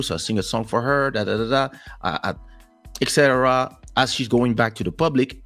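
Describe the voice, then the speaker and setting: A man hosting a casual talk show, telling stories in an animated way and acting out quotes, with a French-speaking background. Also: medium pitch, moderate pace, faint music behind. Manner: animated storyteller, acts out quotes. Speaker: host.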